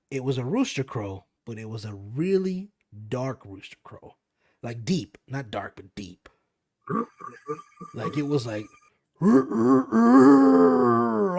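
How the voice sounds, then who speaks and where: A man's voice: medium pitch, a little mellow. A young man on a podcast, telling a spooky story casually with lots of fillers and swearing. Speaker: podcast co-host.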